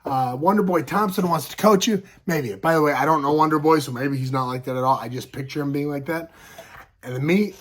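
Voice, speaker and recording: A man's voice: a little high, fairly quick. A man in his thirties with a scratchy throat, casually telling fight stories to camera and punctuating them with sound effects. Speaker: show host and pro fighter.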